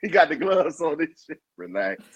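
Young guy podcast cohost, keeps cracking up, voice jumps all over, kinda high. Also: big pitch swings, moderate pace, muffled recording, crowd noise. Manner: loud laughing, squealing high when cracking up. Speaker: podcast co-host. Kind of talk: casual chat.

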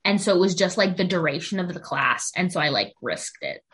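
A woman's voice: fairly low pitch, very animated, a little fast, a bit bright. A young woman in a casual chat, talking like a college student, telling rambling stories full of "like". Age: young adult. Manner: chatty storyteller, fillers like "like" constantly.

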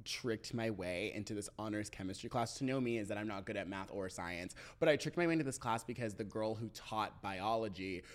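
A young man co-hosting a pop culture podcast, telling stories fast and playfully. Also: lowish voice. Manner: fast, animated storytelling, playful. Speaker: podcast co-host. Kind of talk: casual pop culture chat.

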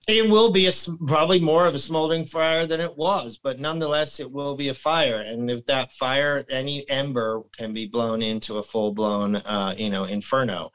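A man talking as a guest on a casual podcast, rambling and animated, restarting sentences and clearing his throat. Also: medium pitch, moderate pace, low-quality recording.

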